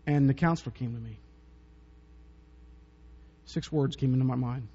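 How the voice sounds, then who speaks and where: Husky and mellow, a mid-range male voice moves at a moderate pace as a pastor jokes his way through personal stories in his sermon, chuckling often. Long reverb and a dull, muffled quality color the recording.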